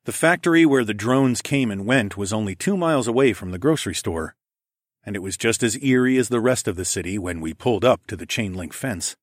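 Man, audiobook narrator, low voice, steady first-person reading, dry sound. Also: a little fast, no room sound. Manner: steady, even storytelling.

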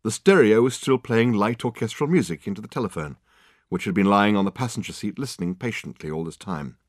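A man narrating a novel in a measured, expressive storytelling voice. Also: lowish voice, no echo, studio quality. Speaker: audiobook narrator. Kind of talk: scripted narration.

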